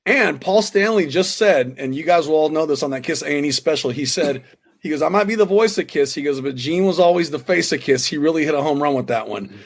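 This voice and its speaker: A man's voice: a little high, animated, fairly quick, creaky. A man who is a guest musician, telling stories with enthusiasm in casual interview chat.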